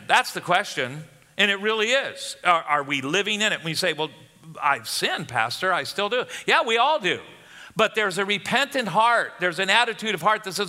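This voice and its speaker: A man's voice: high-pitched, lively intonation, normal speed, pushed and bright. A man preaching a sermon as pastor, emphatic and rising for questions. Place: church. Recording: long hall reverb.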